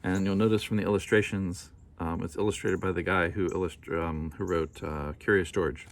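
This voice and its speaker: A man reading a children's picture book aloud in a gentle, unhurried way, with casual asides. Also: sits low, fairly even intonation, creaky, a little hiss or hum.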